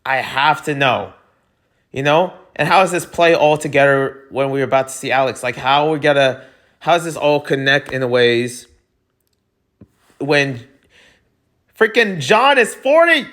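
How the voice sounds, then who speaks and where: Young man, twenties, slightly high voice, rambling excited vlog review, repeats himself. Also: moderate pace, long pauses. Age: 20s. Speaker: show review vlogger.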